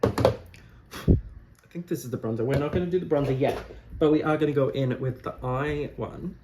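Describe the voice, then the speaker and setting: A campy young man talks through his makeup in a relaxed, rambling way, tossing out gossipy asides as he goes. His voice sits in an ordinary middle register. A faint hiss of noise hangs under him. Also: medium pitch, normal speed. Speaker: drag queen makeup tutorial host. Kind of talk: casual chatty talk while doing makeup. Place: warm room at home.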